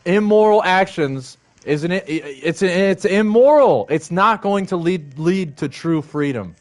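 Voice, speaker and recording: A man's voice: a little high, unhurried. A man ranting angrily on his livestream, heated and profane, circling back to the same points. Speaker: livestream host. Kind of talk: angry ranting monologue.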